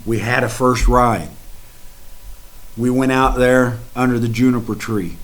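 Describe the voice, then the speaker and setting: A man preaching a sermon in a dramatic, folksy way, swinging from hushed to loud and speaking straight to his listeners. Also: mid-range voice, fairly even intonation, a little slow, low-quality recording.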